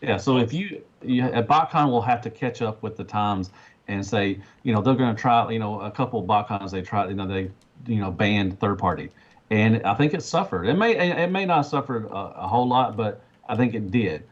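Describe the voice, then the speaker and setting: Low-voiced guy on a podcast, keeps restarting what he says, dull sound. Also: animated, brisk. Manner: hesitant, restarts sentences. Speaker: podcast co-host. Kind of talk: casual chat.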